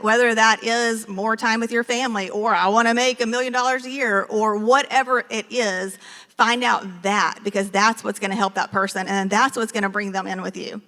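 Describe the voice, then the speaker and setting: A woman speaks to a conference audience in a slightly high voice, earnest and storytelling. Her words ring with the long reverb of a large hall. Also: fairly bright tone. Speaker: real estate team leader speaking on stage. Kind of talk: motivational talk with personal story.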